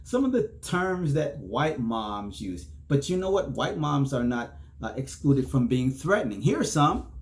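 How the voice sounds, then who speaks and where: A man's voice: mid-range voice, big pitch swings, unhurried, few pauses. A man hosting a solo podcast, chatting casually, chuckling between points and often checking in with "okay?". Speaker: podcast host.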